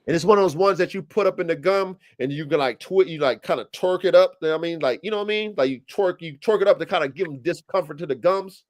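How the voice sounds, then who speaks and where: Pitched fairly high, he talks fast with few pauses while hosting a laid-back livestream podcast. His storytelling rambles, curses freely, and bursts with energy.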